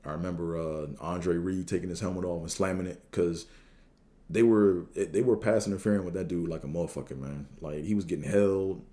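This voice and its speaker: A man in his thirties with a low, dark voice, telling a long story casually. He rambles along with plenty of fillers and loose swearing. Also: steady tone, a little fast. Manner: laid-back and rambling, with lots of fillers and swearing. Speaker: host.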